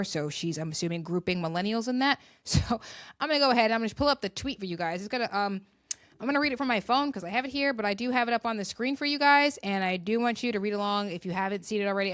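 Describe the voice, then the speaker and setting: A young woman delivers a heated, sarcastic political rant in a fairly high voice. Her tone is emphatic and pointed. The sound is dry and close, with no room around it. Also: a bit bright, dry recording. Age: young adult. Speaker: commentary vlogger.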